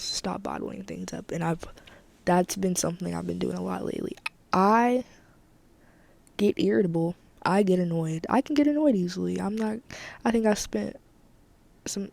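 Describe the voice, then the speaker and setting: A woman's voice: lowish voice, vocal fry. A woman hosting her own podcast, talking candidly and emphatically in a casual solo monologue, often repeating herself for emphasis. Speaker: podcast host.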